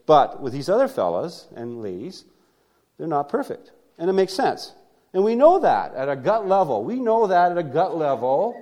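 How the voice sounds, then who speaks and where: A male pastor with a fairly high voice preaches conversationally, repeating key phrases and posing rhetorical questions. He swings between loud emphasis and quiet asides.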